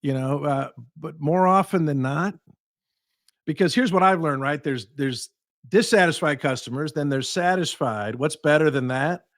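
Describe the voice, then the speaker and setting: A man with a slightly higher voice tells sales stories in a podcast chat. He jumps into quoted voices of customers and clients as he goes. The sound is dry and close. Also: normal speed, dry recording. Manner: animated storyteller acting out quoted voices. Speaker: guest speaker and sales trainer. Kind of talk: podcast conversation, storytelling advice.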